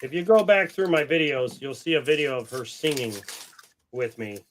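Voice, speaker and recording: Chatty and joking, with the occasional swear, a coin-hunting streamer keeps his livestream casual while giving his dogs short, firm commands. His mid-range voice is expressive at a normal speed, with slight background noise.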